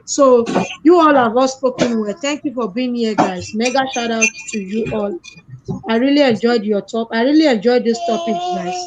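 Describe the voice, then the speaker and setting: A woman hosting a casual live-stream chat, thanking callers and reading out viewer comments. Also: on the high side. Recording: dull lo-fi stream audio with faint noise.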